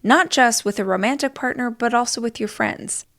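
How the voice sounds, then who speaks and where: A woman's voice: fairly high pitch, normal speed, a bit bright. A woman host reading a sponsor spot in an upbeat, conversational way.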